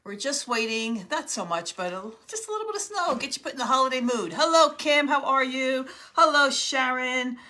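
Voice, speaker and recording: A woman's voice: high-pitched, lively intonation, normal speed, hardly any pauses. A middle-aged woman from New Jersey hosting a live crafting stream from her home craft room, chatting and greeting viewers by name. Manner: chatty, warmly greets viewers by name, gasps and laughs often. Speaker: craft livestream host.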